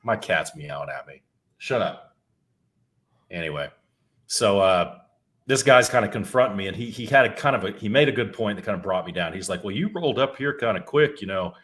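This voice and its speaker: A man's voice: low-pitched, lively intonation, normal speed, a bit bright. A middle-aged man on a podcast telling a story in a loose, rambling way, swearing freely and often restarting his words. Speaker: podcast co-host. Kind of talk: casual storytelling. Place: home.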